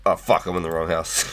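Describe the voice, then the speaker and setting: A man hosting a casual game livestream, talking in a relaxed, slangy way to chat and swearing freely. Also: sits low. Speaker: livestream host.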